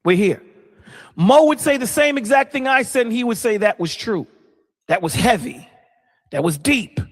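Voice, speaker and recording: A man who is a pastor, explaining his side in a casual debate with a measured, dryly sarcastic manner. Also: very high voice, animated, big-room sound. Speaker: pastor guest.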